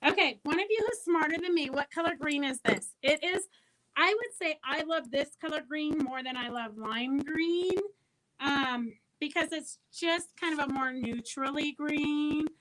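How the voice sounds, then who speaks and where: Chatty woman host, high and bright, reading viewer comments on a live sale. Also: a little slow, poor audio. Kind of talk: casual live-stream sales chat.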